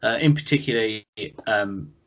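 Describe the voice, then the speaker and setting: A man's voice: on the low side, moderate pace, fairly bright tone. A man with an English accent, co-hosting a podcast in casual, rambling chat full of fillers. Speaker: podcast co-host. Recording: dull lo-fi podcast audio.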